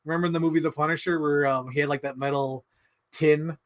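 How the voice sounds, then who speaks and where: A man hosting a casual livestream, answering chat in an animated, excitable way with many fillers. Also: a little high, fast. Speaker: livestream host reading chat.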